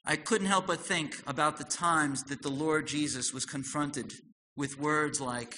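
Bright-voiced male preacher in a reverberant hall. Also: steady tone, a little slow. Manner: swings from loud emphatic lines to soft low asides. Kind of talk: sermon. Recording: long hall reverb with faint noise.

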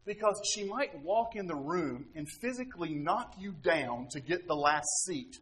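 A man preaching to his congregation in a talky, conversational way, leaning on rhetorical questions. His voice is bright and forceful, sitting a little high for a man. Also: lively intonation, moderate pace, a little hiss or hum, low-quality recording. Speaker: pastor. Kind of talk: sermon.

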